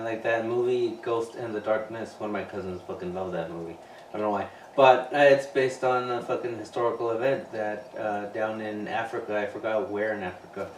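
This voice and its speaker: Dude cohosting a podcast, swears every other word, a bit far off in a roomy space with faint hum. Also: male voice, on the low side. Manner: offhand, profane retelling. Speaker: podcast co-host. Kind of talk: casual chat. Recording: roomy room, distant mic, faint hum.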